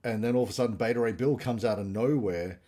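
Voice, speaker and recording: Low, mellow-voiced man chatting casually. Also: quick pace. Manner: rambling storyteller, retelling comic plots animatedly. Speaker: co-host of a review stream. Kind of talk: casual chat.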